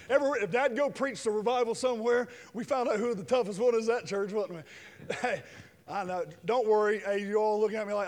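Middle-aged male preacher, high-pitched, shifting between loud preaching and quiet jokes, with reverb from the church hall. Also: quick pace. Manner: swings from shouted preaching to quiet joking asides. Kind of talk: sermon with personal stories. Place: church sanctuary with long reverb.

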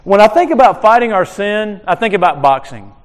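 A man preaching a sermon in a chapel, talking in a casual, animated way with frequent restarts. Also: high voice, brisk, long reverb tail. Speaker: chaplain preaching. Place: chapel on a military base.

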